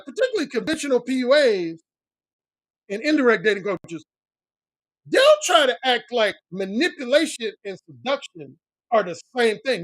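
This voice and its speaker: A middle-aged male dating coach answers chat on a livestream, talking bluntly, swearing freely, and repeating points for emphasis. His voice swings widely in pitch at a normal speed, sounding a bit bright with no echo. When quoting other men, he mimics them in a high voice.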